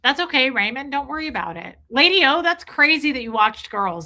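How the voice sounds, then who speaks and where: A woman's voice: sits high, animated, brisk, pushed and bright. A woman live streaming in casual chat, gushing and rambling as she answers viewers' comments. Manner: gushing, enthusiastic, rambling with restarts.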